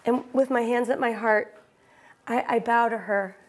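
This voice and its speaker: High-voiced woman telling a stage monologue. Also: steady tone, moderate pace. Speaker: solo stage performer. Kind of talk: theatrical monologue.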